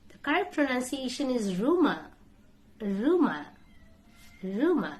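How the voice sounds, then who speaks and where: A woman's voice: a little high, big pitch swings, a little slow, darkish tone. A woman teaching English pronunciation. She spells words out letter by letter and repeats each one many times as she corrects common mistakes. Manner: corrects common mispronunciations in short drill phrases. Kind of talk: pronunciation lesson.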